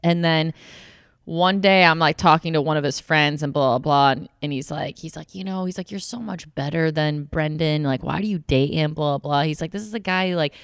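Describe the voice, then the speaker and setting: A young woman with a low, smooth, clear voice tells a story on a casual podcast. She swears freely and slips into animated voices for the people she quotes. The sound is close and dry. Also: moderate pace, dry recording. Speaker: podcast co-host.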